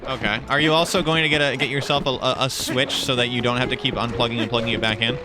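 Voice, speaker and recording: A man co-hosts a gaming stream, chatting casually and rambling with plenty of swearing and bursts of excitement. His voice sits at an average pitch. Game music plays clearly behind him. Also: fast talker. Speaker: streamer co-host.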